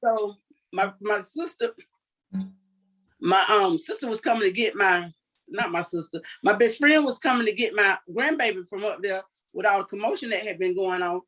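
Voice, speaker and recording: A woman's voice: mid-range voice, moderate pace, fairly bright tone, poor audio. Earnest woman telling her story. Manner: earnest, recounting vividly with quoted dialogue. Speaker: interview guest. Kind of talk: emotional personal account.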